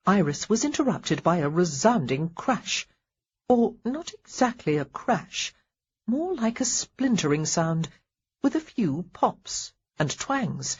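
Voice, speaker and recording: A woman narrating an audiobook with expressive, lilting storytelling. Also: lowish voice, unhurried, breathy edge, dull audio.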